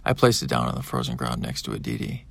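A man narrating a science-fiction audiobook in the first person, in a plain, even storytelling manner. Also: extremely low pitch, fast talker, gravelly, dry recording.

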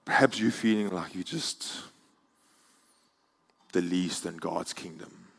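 A man preaching a sermon in a church, moving from quiet, intimate passages to loud, soaring climaxes. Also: low voice, slow pace, creaky, slightly rough. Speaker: pastor.

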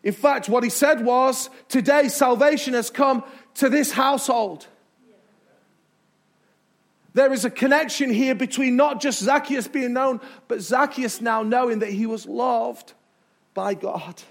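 High-pitched preaching pastor, man. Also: creaky. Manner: emphatic preaching with dramatic pauses and repetition. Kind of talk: sermon. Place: church sanctuary.

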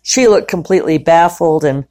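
Woman host, casual diary podcast, chatty and rambling, a touch low in pitch, recorded at home. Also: mellow. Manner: chatty, rambling, quick to laugh. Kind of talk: casual diary-style monologue. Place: living room at home.

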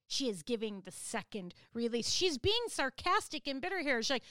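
A woman's voice: high-pitched, very animated, normal speed, few pauses, bright, forceful tone, no echo. A woman giving an earnest, explanatory Bible study lesson. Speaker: Bible teacher.

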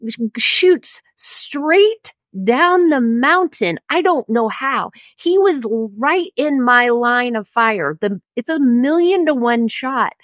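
A middle-aged woman co-hosting a podcast, telling a story in an animated way, laughing often and breaking off her own sentences. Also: high voice, slow, hardly any pauses, dry recording. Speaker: podcast co-host. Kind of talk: casual storytelling.

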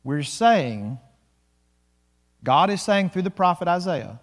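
A male pastor preaching a sermon, slowing and swelling on key words. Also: sits high, very animated, in a large hall.

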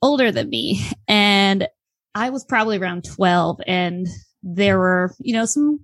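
A woman's voice: mid-range voice, big pitch swings, a little slow, dry recording. A woman who is a guest on a podcast, telling a personal story expressively and acting out the voices in it. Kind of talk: casual anecdote telling.

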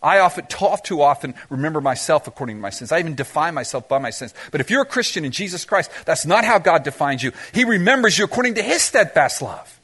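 A male pastor delivers a sermon in a high, bright, forceful voice that swings widely in pitch. He keeps throwing rhetorical questions at the congregation and slips in quick humorous asides. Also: big pitch swings, husky. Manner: preaching with rhetorical questions and dramatic pauses.

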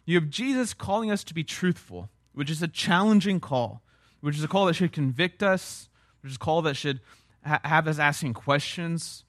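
A man's voice: on the high side, fairly bright tone, no room sound, studio quality. A man preaching a sermon as a pastor, earnest and emphatic, with repeated phrases and rhetorical questions.

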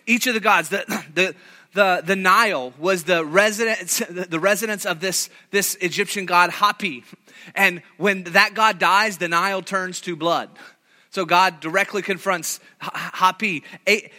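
A man preaching in a bright, high voice. He tells the story with animation, acts out the voices he quotes and often restarts his phrases. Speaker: pastor. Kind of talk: sermon.

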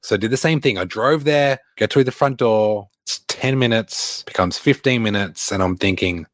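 A man, a fitness coach giving a blunt, swearing motivational talk with animated stories. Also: lowish voice, moderate pace, hardly any pauses, no echo. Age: late 20s.

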